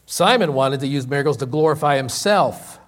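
A man's voice: a little high, animated, fairly bright tone. Preacher man repeating points for emphasis. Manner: repeats key lines for emphasis, with many slow, drawn-out words. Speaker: pastor. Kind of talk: sermon.

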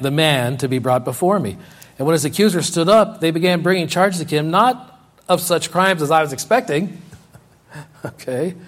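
A male preacher delivering a sermon with a mid-range voice. He swings between raised, high quoted lines and low, quiet emphasis, repeating key phrases to drive them home. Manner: animated, rising high and loud when quoting and paraphrasing, dropping low for emphasis.

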